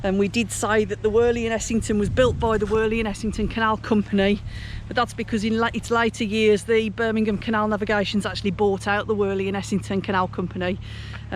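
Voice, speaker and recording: A woman's voice: mid-range voice, little pitch movement, fairly quick, hardly any pauses, a little hiss or hum. Rambling woman with a Black Country accent. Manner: rambling, many restarts and fillers, chatty. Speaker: cycling vlog host. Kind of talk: casual outdoor vlog chat. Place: outdoors on a canal towpath.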